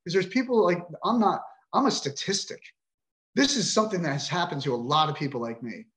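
A man's voice: a little high, animated, brisk, a bit bright, reverberant. A middle-aged man telling his own story on a podcast, emotional, frustrated and indignant, with frequent swearing. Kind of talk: emotional personal account.

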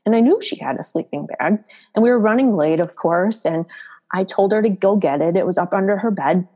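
A woman's voice: brisk, warm tone, poor audio. A middle-aged woman, a mother, recounting a personal story as an interview guest, tearful and emotional, raising her voice to act out quoted dialogue. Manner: emotional, acts out quoted dialogue with raised pitch.

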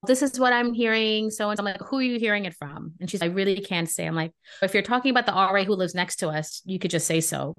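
A woman co-hosting a podcast, telling a story in casual chat and acting out the dialogue with indignation. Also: fairly low pitch. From Brooklyn. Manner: animated, indignant, acts out dialogue. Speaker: podcast co-host.

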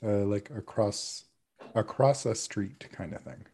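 Casting: player, man, low husky voice, dry humor. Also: slow pace, mellow. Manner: wry, joking. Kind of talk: tabletop role-play.

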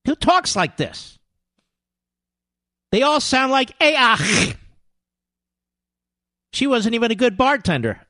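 A man's voice: extremely high pitch, sing-song, slow, pauses often, pushed and bright, no room sound, studio quality. A man hosting a political talk radio show, combative and sarcastic, mocking his targets as he talks.

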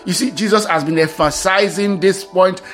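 High-voiced man preaching a sermon. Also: moderate pace, faint music behind. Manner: emphatic, repeats key phrases, reads scripture aloud.

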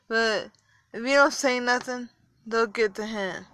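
A young adult woman podcaster, a little tired, rambling casually with halting pauses and fillers. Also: fairly high pitch, a bit bright, dry recording. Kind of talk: casual solo podcast talk.

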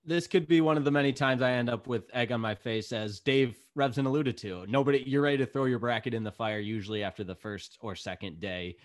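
A man's voice: medium pitch, a little fast, few pauses. Self-mocking man, casual sports podcast co-host. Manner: self-deprecating, animated.

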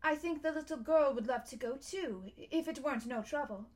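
A woman's voice: high voice, moderate pace, pitched above the performer's own voice, natural voice. A woman voicing a shy, humble cabman's wife. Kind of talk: storybook reading.

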